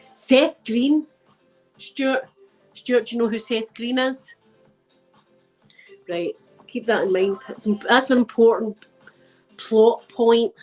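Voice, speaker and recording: A woman's voice: fairly high pitch, slow, pauses often, soft background music. An older woman with a Scottish accent, chatting and telling funny stories straight to her viewer, laughing as she goes. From Scotland. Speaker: ASMR vlogger. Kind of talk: casual storytelling to camera.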